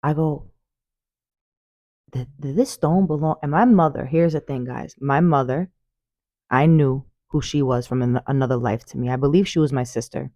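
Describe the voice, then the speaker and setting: Mellow-voiced woman telling spiritual stories. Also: very deep voice, moderate pace, no room sound. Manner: animated, emphatic, repeats phrases, calls listeners baby. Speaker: spiritual vlogger. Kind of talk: casual storytelling monologue. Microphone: phone.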